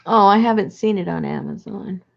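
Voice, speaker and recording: A woman's voice: mid-range voice, fairly quick, gravelly, highs cut off. A woman hosting a casual live video chat, talking with viewers in a rambling, chatty way with frequent laughs.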